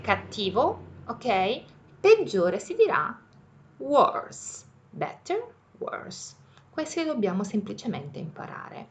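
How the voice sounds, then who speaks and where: A woman teaching English grammar with an Italian accent, explaining each rule slowly and repeating it in her native Italian. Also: on the high side, big pitch swings, a little hiss or hum. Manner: patient, repeats each point in two languages. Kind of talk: bilingual grammar lesson.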